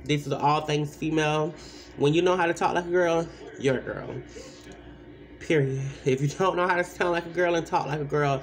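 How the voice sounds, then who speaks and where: A woman's voice: sits low, steady tone, moderate pace. A woman giving blunt, rambling advice in a casual vlog, full of asides and repeated points. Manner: repeats points with many fillers.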